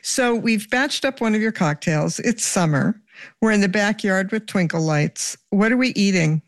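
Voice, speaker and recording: Woman host w a lowish gravelly voice, dry sound, faint music behind. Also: animated, moderate pace, dry recording. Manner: curious, friendly questioning. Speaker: interview host. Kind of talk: radio interview hosting.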